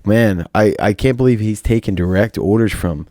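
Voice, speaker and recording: A man's voice: fairly low pitch, normal speed, mellow, no echo, clean studio sound. A man co-hosting a podcast, laid-back and hesitant with lots of fillers. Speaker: podcast co-host. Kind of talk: casual chat.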